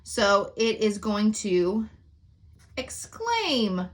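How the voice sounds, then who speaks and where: A woman's voice: medium pitch, very animated, extremely slow. A woman teacher explaining sentence types in a recorded lesson, often checking in with "okay?" and "right?".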